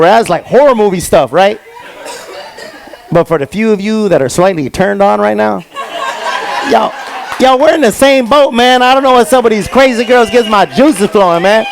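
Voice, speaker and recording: A young male comedian works a stand-up set on stage, talking into a handheld mic. His voice sits high and has a gravelly edge. He rambles in street slang and keeps circling back with "you know what I mean." A faint hiss sits under the recording. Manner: streetwise storytelling with slang and repeated fillers. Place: comedy stage before a live audience.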